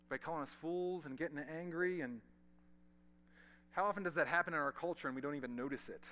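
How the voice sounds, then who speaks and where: Bright-voiced preacher man, loud then hushed. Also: on the high side, a little hiss or hum. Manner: dynamic preaching, swinging from loud emphasis to hushed near-whispers; conversational asides to the congregation. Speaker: pastor. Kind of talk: sermon. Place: large church hall.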